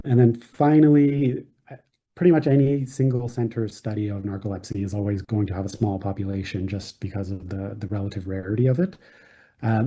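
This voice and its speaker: A man giving a conference research talk in a very dark, husky voice. He pauses often, filling the gaps with ums and uhs. His pitch sits a little low. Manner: hesitant, many ums and uhs. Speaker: presenting physician researcher.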